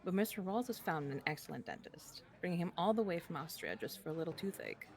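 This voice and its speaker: A woman voicing a smooth, poised jewel swindler. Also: on the low side, big pitch swings, quick pace, darkish tone.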